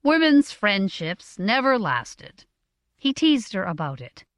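A woman narrating a novel in a measured, expressive reading. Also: medium pitch, no room sound, studio quality. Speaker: audiobook narrator.

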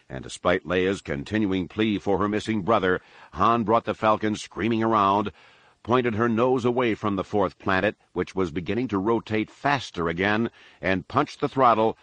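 Low-voiced male narrator reading an action story. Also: lively intonation, a bit bright, no room sound. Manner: measured, dramatic reading. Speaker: audiobook narrator. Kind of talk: scripted narration.

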